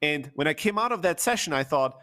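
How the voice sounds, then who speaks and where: A man's voice: on the high side, animated, fairly quick, bright, forceful tone. Man, open and emotional, casual storyteller with fillers. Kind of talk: candid personal storytelling.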